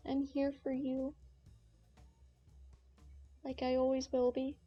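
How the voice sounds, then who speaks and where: A woman's voice: sits high, completely flat delivery, takes it slowly, faint music behind, pitched above the performer's own voice. A woman voicing an overly supportive young woman bandmate who talks in a soothing, cheerleading way. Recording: dull lo-fi stream audio.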